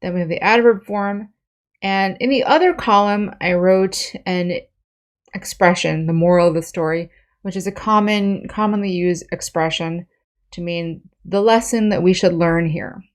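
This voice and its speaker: A woman with a fairly low voice teaches English vocabulary. She explains each word patiently, step by step, with examples and plain rephrasings. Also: normal speed. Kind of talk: vocabulary lesson.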